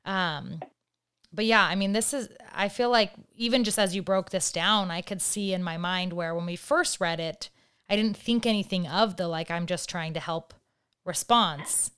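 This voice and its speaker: A woman's voice: mid-range voice, normal speed, a bit bright, smooth. A woman hosting a podcast interview, talking in a reflective, casual way and often saying "like". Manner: reflective, self-questioning, uses "like" a lot. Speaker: podcast host.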